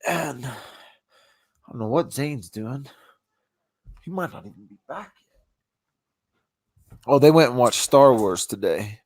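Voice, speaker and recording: A man's voice: mid-range voice, expressive, measured pace, long pauses, dry recording. Stuffy-nosed man chatting casually. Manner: rambling, laughs often, trails off and restarts. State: stuffy nose from a cold. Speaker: live stream host. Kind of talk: casual live-stream chat. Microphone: phone.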